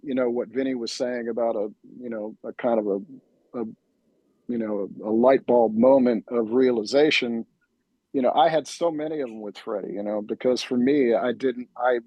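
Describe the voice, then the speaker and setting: A man talking casually about his early lessons, circling back with plenty of fillers and false starts. His voice is mellow and relaxed. The sound is dry and close. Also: medium pitch, husky, no echo, rough recording. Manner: rambling, many restarts and fillers. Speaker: drummer and host. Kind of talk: casual chat.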